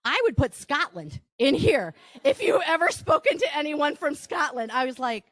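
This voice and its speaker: A woman's voice: sits high, sing-song, moderate pace, no room sound, studio quality. A woman with a Wisconsin accent giving a live workshop presentation, chatty, with asides and rhetorical questions to the audience.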